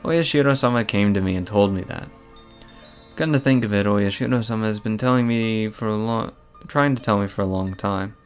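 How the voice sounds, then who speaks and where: A man reading aloud the lines of a troubled young girl haunted by a curse, in a mostly plain, low voice. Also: a little fast, soft background music, lightly acted. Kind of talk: reading a visual novel aloud.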